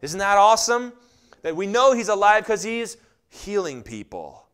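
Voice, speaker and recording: A middle-aged man preaching a sermon, telling stories animatedly and acting out quotes in lively voices. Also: high-pitched, normal speed, smooth. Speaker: pastor.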